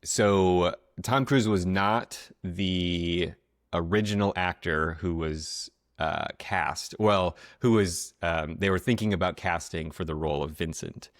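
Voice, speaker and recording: Low-voiced male co-host, hesitant and filler-heavy, dry close sound. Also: dry recording. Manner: halting, many fillers and restarts. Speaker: podcast co-host. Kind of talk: casual film podcast chat.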